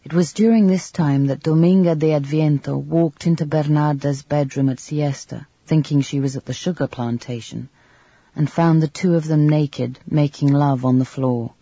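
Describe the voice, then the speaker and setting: Husky man narrating a literary novel. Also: fairly high pitch, no room sound. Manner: measured, even storytelling. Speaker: audiobook narrator. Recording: slightly dull lo-fi audio, dry.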